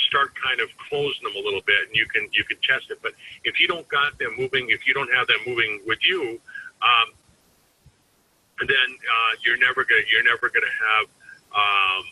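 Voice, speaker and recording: A man with a very bright, piercing tone and a husky edge gives a loose, conversational training talk. He coaches his team in a rambling way and often restarts his sentences. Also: mid-range voice, normal speed, poor audio. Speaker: network marketing team trainer.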